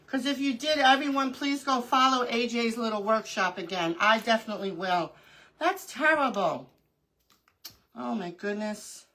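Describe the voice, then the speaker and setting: Middle-aged woman, craft stream host, lively laughing storyteller, bright tense voice, a bit high. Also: normal speed, rough recording. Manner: animated storyteller, laughs often. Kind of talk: casual chat during a live crafting stream.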